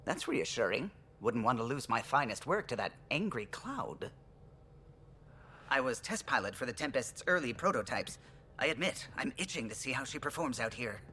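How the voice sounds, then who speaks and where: A man's voice: mid-range voice, big pitch swings, normal speed, bright, forceful tone. An actor playing an eager young male alien pilot, chipper and precise, in game audio. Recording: game audio with faint noise.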